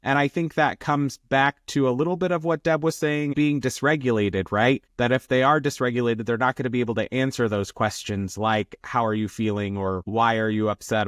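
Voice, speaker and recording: A man's voice: mid-range voice, clean tone, dry recording, clean studio sound. A man co-hosting a podcast conversation, asking questions and playing devil's advocate. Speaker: podcast co-host.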